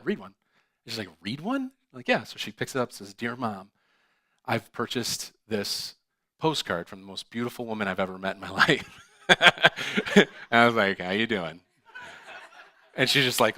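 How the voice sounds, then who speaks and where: A male pastor telling a personal story in a sermon, animated and acting out the dialogue with laughs. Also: medium pitch, dry recording. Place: church.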